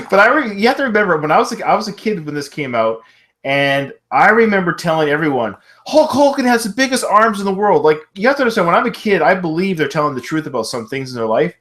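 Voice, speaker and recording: A man in his thirties co-hosting a podcast, chatting casually about a film, laughing often and quoting lines with excitement. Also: fairly high pitch, quick pace. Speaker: podcast co-host.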